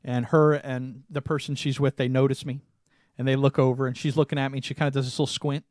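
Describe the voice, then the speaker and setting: Young man, podcast co-host, casual storytelling, animated, laughs a lot, dry close-mic sound. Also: mid-range voice, fast talker, no room sound. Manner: animated, laughs often, frequent fillers.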